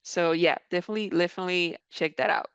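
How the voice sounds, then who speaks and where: A woman hosts a live software tutorial in a conversational, encouraging tone, reading out viewer comments as she goes. Her voice is smooth and clean, recorded dry with slightly dull, lo-fi sound. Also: on the low side, steady tone, fast talker, dry recording. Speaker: creator program mentor presenting a live session. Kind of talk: live software tutorial, answering chat questions.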